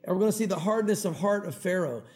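A man with a Tennessee accent preaches, talking fast and earnestly in a conversational way. His voice sits high for a man. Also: animated, a little mellow. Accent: Tennessee Southern. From Tennessee, US South. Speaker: pastor. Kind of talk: evening sermon.

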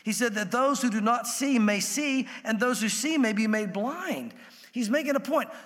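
Male pastor with a high voice, conversational sermon delivery, long hall reverb. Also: moderate pace, a bit bright. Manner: conversational preaching, acts out quoted voices.

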